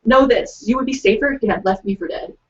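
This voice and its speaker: A young woman co-hosts an online writing event with a fairly high voice, hesitant and giggly, full of ums between lines. She sits a little away from the microphone, and the sound is muffled, as from a laptop mic. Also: quick pace, far from the mic, a little hiss or hum. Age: young adult. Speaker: co-host of a virtual writing event. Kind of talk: casual chat, reading out excerpts.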